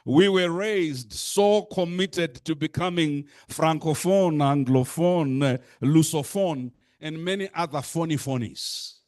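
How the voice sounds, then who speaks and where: A man's voice: fairly high pitch, darkish tone, no echo, studio quality. A man giving an impassioned speech to a youth assembly, rhetorical and emphatic, repeating phrases and listing points for effect. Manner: deliberate, emphatic pacing with lists. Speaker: speaker addressing a youth assembly.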